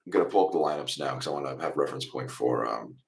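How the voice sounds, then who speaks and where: This is a young man with a remarkably deep, low voice, hosting a live football watchalong stream. He talks casually to his viewers and walks through each play as he watches. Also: fast talker, vocal fry, a little hiss or hum. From United States. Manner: chatty, reacts loudly to goals then explains calmly. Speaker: watchalong host.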